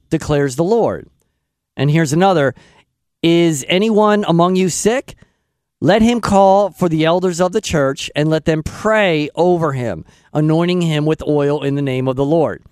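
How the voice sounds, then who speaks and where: A man's voice: a little high, measured pace, a little mellow, clean tone, dry recording. A man hosting a radio show, chatting in a rambling, casual way into a studio microphone. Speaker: radio host.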